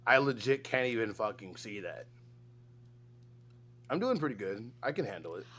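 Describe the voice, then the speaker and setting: A man from the United States co-hosting a casual livestream. His pitch swings widely as he reacts. He swears freely and turns loud and excitable over the news he reads out. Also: moderate pace, a little hiss or hum. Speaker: co-host.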